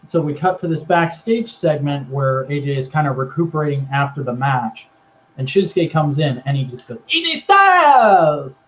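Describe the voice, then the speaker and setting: A man's voice: medium pitch, normal speed, highs cut off, a little hiss or hum. A man co-hosting a show, casually recapping a storyline and acting out the quotes as he tells it. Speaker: podcast co-host.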